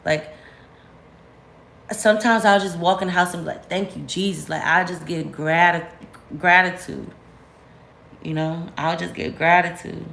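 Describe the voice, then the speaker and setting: A woman's voice: fairly low pitch, a little slow, gravelly, pauses often, slight background noise. Candid woman venting in an echoey room. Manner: candid, animated, slangy, rising sharply when venting. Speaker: vlogger. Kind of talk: casual storytime chat to camera.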